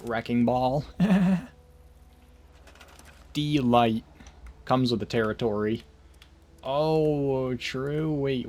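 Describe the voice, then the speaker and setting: This man's voice is medium in pitch, creaky and a bit mellow. Gaming on a livestream, he chats casually and ramblingly with his viewers, dropping joking asides.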